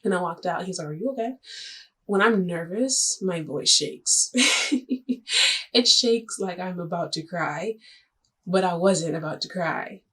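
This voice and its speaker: A young vlogger with a husky, slightly low, somewhat bright voice tells a personal story directly to the camera. She is animated, chatty, and a little dramatic, with jokey asides and quick shifts.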